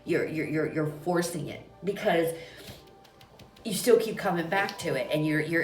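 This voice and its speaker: A woman with a low voice gives a casual tarot reading, chatty and emphatic, and often repeats herself as she talks straight to her listeners. Her nose is runny and her eyes are watering. She is recorded in an echoey small room with faint music behind her. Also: moderate pace. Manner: chatty, repetitive, emphatic, addresses listeners directly. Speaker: tarot reader.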